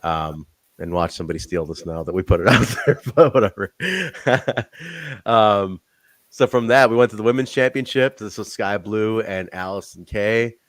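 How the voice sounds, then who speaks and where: A young man hosting a podcast, telling backstage stories in an animated, laughing, profanity-filled way. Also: fairly low pitch, normal speed, dry recording. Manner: animated, swearing, laughing storyteller. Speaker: podcast host. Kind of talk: casual chat.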